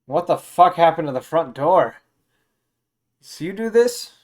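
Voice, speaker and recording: A man voicing a drunk, rowdy human guest who shouts indignantly in a tabletop game. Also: medium pitch, normal speed, natural voice.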